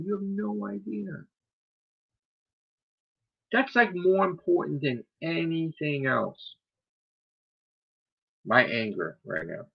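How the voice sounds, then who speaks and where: A man's voice: a little high, gravelly, slightly rough, muffled recording. A man hosting his own live stream, ranting in a heated, profane, scolding way. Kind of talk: angry live-stream rant.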